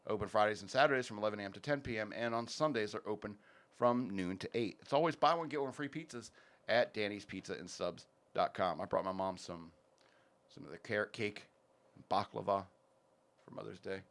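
A man with a lowish, fast, slightly bright voice hosts a casual podcast. He rambles and jokes his way through sponsor reads, using plenty of fillers.

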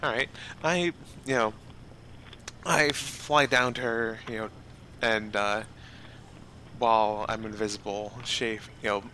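A man's voice: lowish voice, fairly even intonation, slow pace, pauses often, sharp tone, slight background noise, low-quality recording. A man playing in a tabletop role-play, talking casually with lots of you know. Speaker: player.

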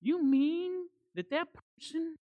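High-voiced animated woman preaching. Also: slow pace, narrow, tinny audio. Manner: animated, emphatic repetition; conversational with folksy asides. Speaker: guest preacher. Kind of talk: sermon.

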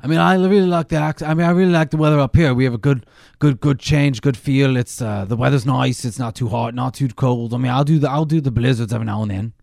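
Man, rapid rambling podcast chatter, dry close sound, stammering restarts. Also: mid-range voice, gravelly, dry recording. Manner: rambling, stammering restarts, swears freely, gets excited. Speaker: podcast co-host. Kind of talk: casual chat.

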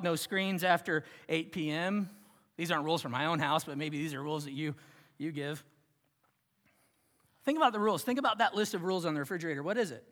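A male pastor delivers a sermon in a church sanctuary, pushing his voice up for emphasis and then dropping it to a hushed, near-whispered hush. His voice sits a touch higher than most men's. A long hall reverb trails each phrase. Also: fast.

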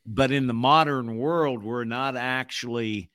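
A man's voice: mid-range voice, measured pace, fairly bright tone, no echo, studio quality. A man co-hosting a podcast, talking casually and reflectively, often checking in with "right?". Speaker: podcast co-host. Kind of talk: casual conversation.

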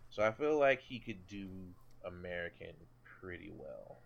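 A man's voice: low-pitched, animated, unhurried, gravelly, muffled recording, slight background noise. A man co-hosting a podcast in loose, casual chat, swearing and correcting himself as he goes. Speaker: podcast co-host.

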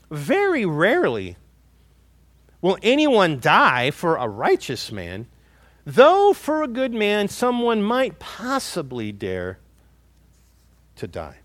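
A man's voice: sits high, no room sound. A man preaching a sermon as a pastor, stressing key words and calling his listeners folks.

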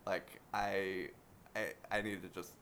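A man co-hosting a podcast, chatting casually in a rambling, halting way with many fillers. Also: low voice, little pitch movement, a bit bright, a little hiss or hum. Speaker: podcast co-host. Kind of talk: casual chat.

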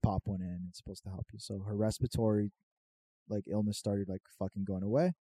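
A young man telling a funny story in casual chat, animated and profane, often laughing. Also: fairly low pitch, fairly quick, breathy edge, dry recording.

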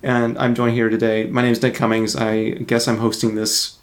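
A man hosts a podcast in casual chat, loose and joking, with plenty of fillers. His voice sits at an ordinary middle pitch. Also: completely flat delivery, normal speed. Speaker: podcast host.

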